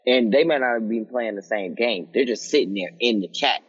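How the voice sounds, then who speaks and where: A man at home on a group call, calmly explaining and building his point in a measured way. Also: medium pitch, slightly rough. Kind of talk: casual group chat. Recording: dull lo-fi audio with long reverb.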